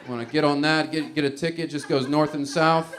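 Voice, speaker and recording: A man's voice: fairly high pitch, steady tone, brisk, fairly bright tone. A man doing stand-up comedy, telling a loose, rambling story with restarts and fillers and making wry asides to the audience.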